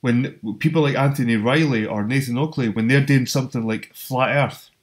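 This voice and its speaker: A man's voice: medium pitch, normal speed. Sweary Scottish man on a video call. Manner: sweary, blunt, calls listener man and mate. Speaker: host. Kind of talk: casual online hangout chat. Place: council estate flat.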